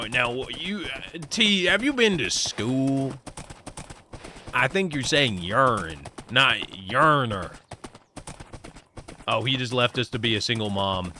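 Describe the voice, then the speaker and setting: Bright-voiced man in a joking cowboy drawl. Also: mid-range voice, a little hiss or hum. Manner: joking, teasing the chat. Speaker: livestreamer. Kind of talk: casual live-stream chat while gaming.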